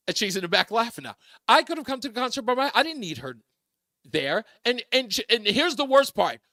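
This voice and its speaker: A male talk radio host telling a funny personal story in a lively way, often raising his voice to quote people and laughing as he goes. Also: sits high, a little fast, dry recording, clean studio sound.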